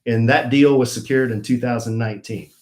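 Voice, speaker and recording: A man's voice: mid-range voice, steady tone, a little fast, a little mellow. Man reading a story aloud in an echoey room. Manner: reads the article then banters, teasing. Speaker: co-host. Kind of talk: casual podcast chat, reading a news story aloud.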